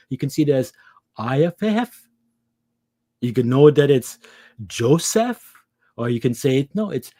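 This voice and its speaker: A man's voice: medium pitch, a little mellow, no echo, clean studio sound. A man preaching an impassioned scripture lesson, pressing his listeners with rhetorical questions. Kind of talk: impassioned religious teaching.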